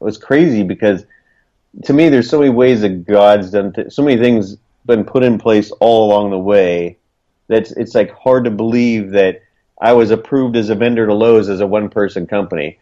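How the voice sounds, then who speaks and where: A man with a lowish voice tells his story in a loose, earnest ramble, leaning on fillers as he goes. The recording sounds dull and lo-fi. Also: moderate pace, mellow. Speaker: guest, small business owner. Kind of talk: casual storytelling.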